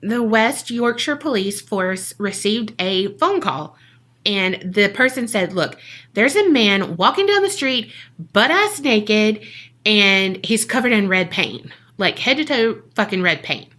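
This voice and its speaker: A woman's voice: mid-range voice, animated, a little slow, fairly bright tone. A woman, co-hosting a podcast and telling a story in a casual, jokey way that is full of swearing. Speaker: podcast co-host.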